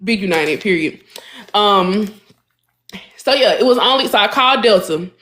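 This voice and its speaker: A woman co-hosting a podcast, telling a story in a casual, animated way, exasperated and speaking. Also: mid-range voice, normal speed. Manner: animated, addresses listeners as y'all, vents with exasperation. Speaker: podcast co-host.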